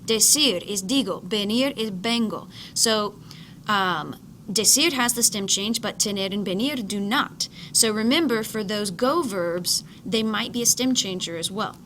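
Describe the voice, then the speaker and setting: A woman's voice: medium pitch, unhurried, a bit bright, slight background noise. A woman teaching a recorded lesson, explaining patiently, repeating key points and modeling each word's pronunciation. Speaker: Spanish teacher. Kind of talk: recorded slide lecture.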